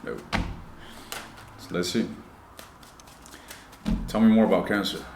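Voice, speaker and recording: This tarot reader has a deep, darkish voice with vocal fry and takes his time, with slight background noise in a roomy, echoey indoor space. He talks straight to his viewers during a casual, blunt, profane reading, mixing jokes with sincere advice.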